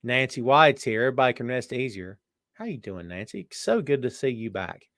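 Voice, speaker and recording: A man's voice: lively intonation, brisk, no echo, studio quality. A man hosting a casual live-stream show, greeting viewers from the chat by name and calling them brother and my friend. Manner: jumps between loud exclamations and low asides. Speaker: podcast host reading live chat.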